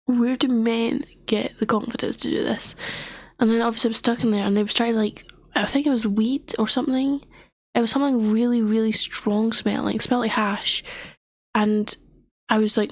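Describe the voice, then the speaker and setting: A woman's voice: a little high, brisk, no echo. A young woman streaming, telling a story in casual chat, often dropping to a whisper, her voice worn from a sore throat. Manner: animated, often drops to a whisper.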